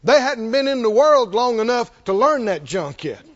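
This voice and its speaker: A man preaching a sermon as pastor, animated and repetitive, calling on the congregation to answer back. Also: very high-pitched, moderate pace. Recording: dull lo-fi recording.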